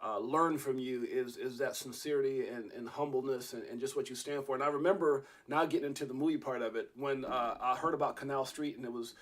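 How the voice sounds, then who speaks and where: Fast-talking man telling a long story. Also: mid-range voice, steady tone. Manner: rambling, with many fillers and restarts. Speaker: podcast host. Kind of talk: casual storytelling in an interview.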